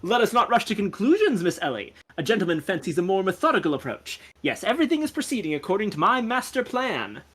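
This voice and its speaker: A streamer voicing a smug, pompous gentleman detective in a video game, with a theatrical, raised voice. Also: mid-range voice, very animated, fast, hardly any pauses, breathy edge, voice pushed up.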